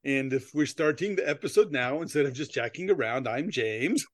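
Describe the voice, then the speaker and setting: Animated, joking man hosting a podcast. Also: mid-range voice, moderate pace, no room sound, clean studio sound. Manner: joking, laughs often, goofy tangents. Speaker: podcast host. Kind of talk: casual comedy podcast chat.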